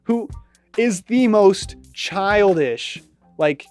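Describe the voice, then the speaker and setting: A woman chatting sarcastically as a movie reviewer, animated and mocking, with light music behind. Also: medium pitch, drawn-out words. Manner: sarcastic, animated, mimics lines in exaggerated voices. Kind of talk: casual review chat.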